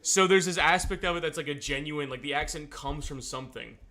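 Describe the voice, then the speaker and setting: Young male streamer, casual and rambling, lots of fillers, bright tone. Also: on the high side, a little fast. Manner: rambling, filler-heavy explaining.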